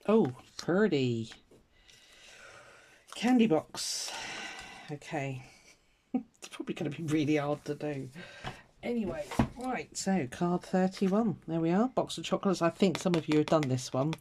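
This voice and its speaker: A woman's voice: low-pitched, animated, unhurried, long pauses, background noise. A woman chatting casually to viewers while she colours, self-mocking and muttering to herself with little laughs. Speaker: colouring vlogger.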